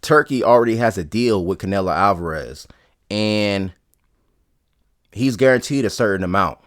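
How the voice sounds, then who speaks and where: Blunt, low-voiced man riffing on boxing. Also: expressive, moderate pace. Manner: blunt, rambling, opinionated. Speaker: boxing commentator. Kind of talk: casual opinion commentary.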